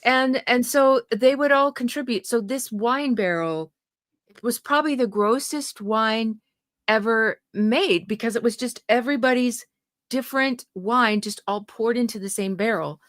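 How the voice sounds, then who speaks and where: A woman's voice: fairly high pitch, measured pace, no room sound, studio quality. A woman co-hosting a podcast, chatting casually and telling rambling anecdotes. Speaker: podcast co-host. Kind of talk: casual chat.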